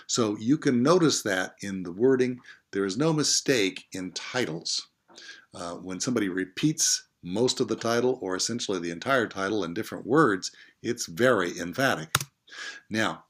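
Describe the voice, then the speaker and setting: Low-voiced man teaching a reading lesson. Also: fairly bright tone. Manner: conversational, explains with emphasis and asides. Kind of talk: recorded lecture on an essay.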